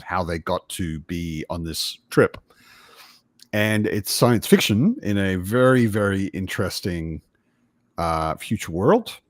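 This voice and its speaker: A man with a lowish voice hosts a relaxed book chat on a livestream. He rambles and corrects himself in an easy way. The sound is dry and close, as on a video call. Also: no echo. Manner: rambling, self-correcting, chatty. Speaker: livestream host. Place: home in Berlin.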